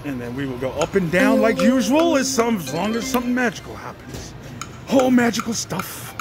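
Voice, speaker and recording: A slot machine vlogger giving excited live commentary on a casino floor, pleading with the machine over and over. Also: medium pitch, a little fast. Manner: excitable, pleads with the machine, repeats "come on" and "one more". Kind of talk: excited live commentary while playing slots. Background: jingling slot machine music.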